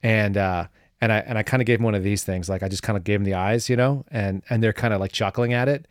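A man's voice: fairly low pitch, fast talker, no room sound, clean studio sound. A man, a former government analyst, telling a story as a guest in a casual interview, rambling and wry with lots of fillers.

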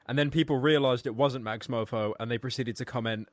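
A man who is a guest on a podcast, talking quickly with exclamations and restarted sentences. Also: medium pitch, steady tone, no room sound. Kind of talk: casual group chat.

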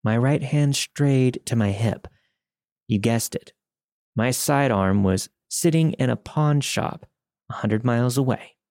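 A man's voice: medium pitch, slow, a little mellow, dry recording, studio quality. A man narrating a first-person story in a wry, conversational way.

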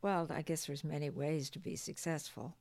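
An older woman, a grandmother and podcast guest, talking gently and graciously in a home basement. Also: low voice, fairly even intonation, moderate pace, gravelly, dry recording. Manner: gentle, gracious, often thanking. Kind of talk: casual conversation.

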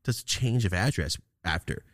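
A man's voice: deep voice, animated, moderate pace, dry recording, clean studio sound. A man hosting a podcast, telling a rambling, profane story in casual chat and acting out the lines of people in it. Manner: profane, rambling, acts out quotes. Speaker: podcast host.

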